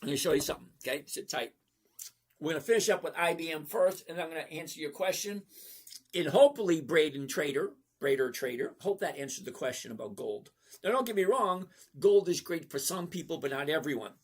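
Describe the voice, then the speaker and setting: Older male livestream host, slightly high husky voice, chatty and repetitive. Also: expressive, brisk. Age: 60s. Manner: chatty, repetitive, addresses viewers by name. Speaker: stock trading livestream host. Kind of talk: live Q&A chat answering viewers.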